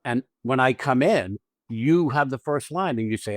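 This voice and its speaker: Animated, profane male acting teacher. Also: medium pitch, normal speed, dry recording, clean studio sound. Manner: animated, profane, acts out scenes with quoted lines. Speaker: acting teacher and podcast host. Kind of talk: casual podcast chat.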